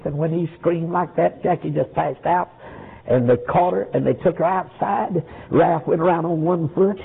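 Casting: a male preacher, gravelly and raspy, dramatic sermon storytelling. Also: fairly high pitch, moderate pace. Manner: fervent, dramatic, rising to shouts. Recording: tinny lo-fi phone-like recording.

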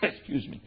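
A middle-aged man preaching a storytelling sermon, retelling stories in a folksy, emphatic way and teaching from the Bible. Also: dull audio.

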